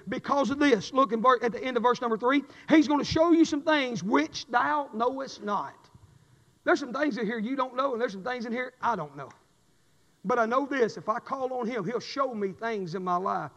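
A man preaching a sermon with a fervent, repetitive cadence, swinging from shouts to low, intense passages. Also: moderate pace. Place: church sanctuary. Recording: dull recording with long hall reverb.

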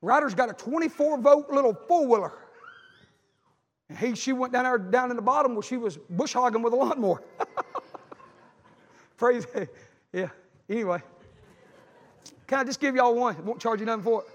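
A middle-aged man, preaching a sermon as a pastor, telling folksy stories with animated emphasis. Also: extremely high pitch, moderate pace, pauses often. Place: church sanctuary. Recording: long church reverb.

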